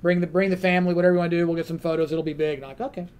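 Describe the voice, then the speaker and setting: A man on a panel telling a lively anecdote and acting out the other people in his story. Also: on the high side, very fast, a little hiss or hum.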